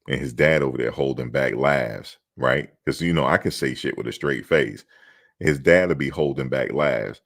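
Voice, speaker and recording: A man with an extremely low, gravelly voice hosts a loose sports talk show. He riffs and jokes, slipping into mock quotes as he talks. His delivery is casual and animated. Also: moderate pace.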